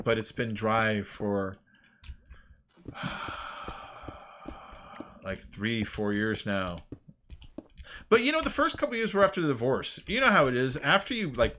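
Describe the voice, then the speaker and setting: A male streamer chatting loosely while he plays, his voice at an ordinary middle pitch. He rambles along with plenty of fillers, drifting tangents and bursts of laughter. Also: big pitch swings, normal speed, a bit bright, a little hiss or hum. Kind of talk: casual chat while playing a game.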